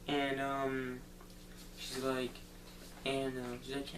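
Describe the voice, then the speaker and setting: A man loosely retelling a movie plot, wandering through the story with constant "like" and "um". He talks at an unhurried pace, sitting back from the mic. The room is echoey, and a faint hum sits behind him. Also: mid-range voice, level tone. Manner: rambling, loose retelling full of "like" and "um". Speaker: movie reviewer. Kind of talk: casual spoken movie recap. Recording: roomy echo, distant mic, faint hum.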